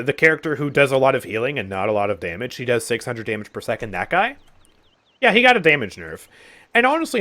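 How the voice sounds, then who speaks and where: A man's voice: medium pitch, sharp tone. A young man giving casual gameplay commentary on a game update, sarcastic and exasperated, often sighing and laughing. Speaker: gaming YouTuber.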